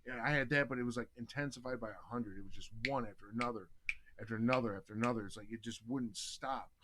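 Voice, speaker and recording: A man's voice: medium pitch, fast talker, background noise. Profane man telling a wild story. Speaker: podcast host. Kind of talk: casual storytelling chat.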